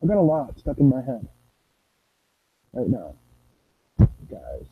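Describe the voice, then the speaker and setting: A man's voice: medium pitch, sing-song, takes it slowly, breathy edge, no room sound. A young man giving rambling, playful commentary while streaming a game. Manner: rambling, playful, sings nonsense sounds. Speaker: gameplay streamer. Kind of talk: casual gameplay commentary. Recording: tinny lo-fi dry mic.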